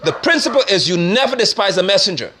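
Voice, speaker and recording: Man, preacher-style political commentator, bright high voice, scornful and forceful delivery. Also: very animated, fast talker, slight background noise. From Guyana. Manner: forceful, scornful, rising to sermon-like declarations.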